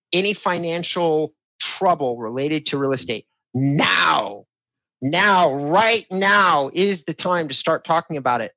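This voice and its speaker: A man's voice: fairly high pitch, pushed and bright, no room sound, poor audio. A man hosting a podcast conversation about real estate, talking in an emphatic, sales-style way. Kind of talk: casual podcast talk.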